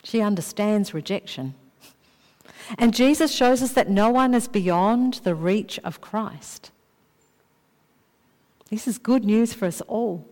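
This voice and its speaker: A woman preaching a sermon in a measured way, slowing down to dwell on key phrases. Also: mid-range voice, darkish tone. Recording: long reverb of a large hall.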